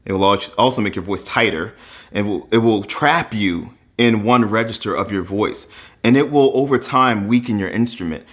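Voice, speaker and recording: A man's voice: on the low side, normal speed, a bit bright. A man teaching a voice lesson in an earnest, instructive way. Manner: earnest instructive delivery, breaks into sung demos. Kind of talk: explanatory vocal lesson.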